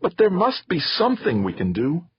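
Man voicing an earnest young son, higher voice, urgent pleading, slightly muffled recording. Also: huge pitch swings, moderate pace, breathy edge, heavily acted. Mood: distraught pleading.

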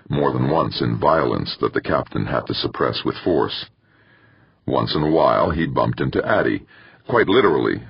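A man with a very deep, husky voice reads a science-fiction novel in a measured, even way. The recording is dull and dry, with no room sound. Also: dry recording. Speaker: audiobook narrator. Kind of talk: scripted narration.

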